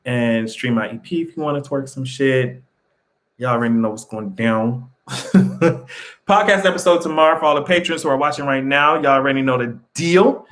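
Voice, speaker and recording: A man hosting a casual livestream, talking in an animated, profane way with sudden jumps in pitch and frequent laughter. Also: normal speed. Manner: laughs often between remarks. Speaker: livestream host.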